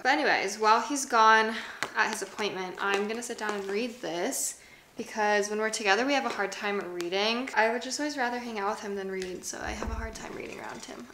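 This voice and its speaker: A woman's voice: medium pitch, lively intonation, a little fast, bright, forceful tone. A young woman in her twenties chatting candidly in a home vlog, sore from a workout, swearing casually. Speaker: vlogger. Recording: echoey room with clear background noise.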